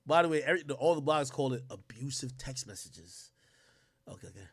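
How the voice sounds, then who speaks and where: A man co-hosting a livestream who reads text messages aloud and reacts loudly, using heavy slang and cursing. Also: mid-range voice, lively intonation, fairly quick, husky, no room sound, studio quality. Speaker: livestream co-host. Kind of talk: casual livestream commentary, reading texts aloud.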